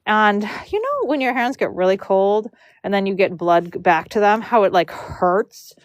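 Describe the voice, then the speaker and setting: A woman's voice: mid-range voice, lively intonation, unhurried, no echo. Chatty woman telling a story on a live stream. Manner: chatty, rambling, lots of fillers and restarts.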